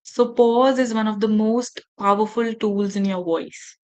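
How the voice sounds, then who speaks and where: A woman running a workshop for teachers, speaking in a measured, deliberate way with emphatic pauses and direct instructions to her audience. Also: medium pitch, steady tone, darkish tone, rough recording. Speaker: faculty development trainer.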